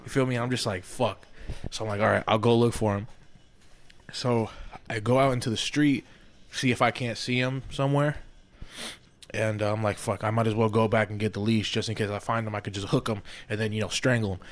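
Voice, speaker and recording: A man co-hosting a podcast, telling a long story in a casual, animated and profane way, often asking "you feel me". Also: lowish voice, a little fast. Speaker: podcast co-host. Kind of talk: casual storytelling among friends.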